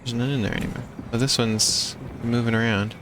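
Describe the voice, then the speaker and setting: A man's voice: mid-range voice, steady tone, a little fast, background noise. A man streaming a video game live, musing wryly as he plays.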